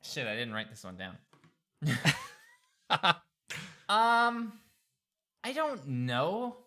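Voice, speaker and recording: A tabletop game player who talks slowly and haltingly, thinking out loud as they answer. The voice is bright and clear in tone, mid-pitched. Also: huge pitch swings. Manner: hesitant, thinking aloud. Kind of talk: casual play at a tabletop game.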